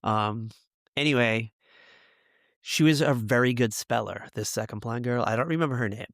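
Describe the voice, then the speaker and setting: A man co-hosting a podcast speaks at a moderate pace in a medium-pitched, slightly bright voice. The studio-quality recording is dry, and his casual talk about school wanders, full of fillers and laughs.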